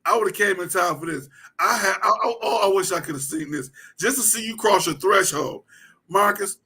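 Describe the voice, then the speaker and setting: A man co-hosting a casual sports talk livestream, animated and teasing. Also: high-pitched, normal speed, husky. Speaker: co-host. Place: livestream call.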